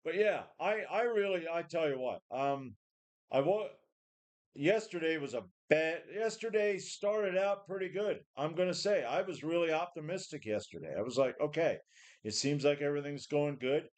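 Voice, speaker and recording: Man, worn out, rambling profane rant, slightly high voice. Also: expressive, normal speed. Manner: rambling, profane, repeats and restarts. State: tired, run down. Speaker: home gym vlogger. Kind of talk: casual rant to camera.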